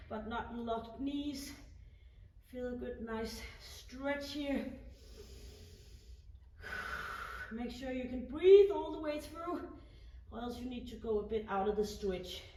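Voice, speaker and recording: A woman's voice: high-pitched, dark tone, a little hiss or hum. A woman leading a home workout, counting down reps and encouraging the listener as she coaches. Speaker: fitness instructor. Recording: echoey room, mic at a distance.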